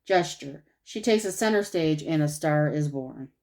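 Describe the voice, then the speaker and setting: A woman reading a children's storybook aloud with expressive, animated narration. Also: deep voice, moderate pace, rough recording. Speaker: storybook reader.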